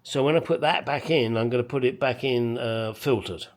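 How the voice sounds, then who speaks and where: A man's voice: medium pitch, normal speed. A man chatting casually in his home garage about a car restoration, rambling and making crude jokes. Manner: rambling, crude joking, swears freely. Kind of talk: casual workshop chat.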